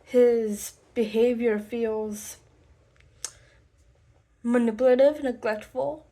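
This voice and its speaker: A woman talking to the camera about something personal, slowly and haltingly, with many pauses and restarts. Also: a little high, fairly even intonation, mellow. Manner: slow, halting, deliberate with frequent pauses and restarts. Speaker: vlogger.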